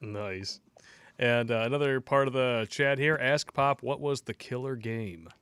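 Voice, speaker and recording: A man's voice: mid-range voice, a little slow, a bit bright, smooth, no room sound. A man hosting a casual livestream, reading out chat donations in a breezy way and laughing easily.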